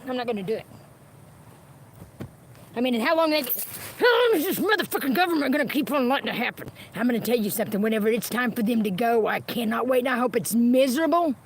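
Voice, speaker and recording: A woman's voice: a little high, lively intonation, quick pace. A woman livestreaming from inside her car, ranting angrily and with lots of swearing at the people she is talking about. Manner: angry, profane ranting with repeated phrases. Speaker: livestreamer chatting with viewers. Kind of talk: unscripted livestream rant. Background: faint background noise, dogs nearby.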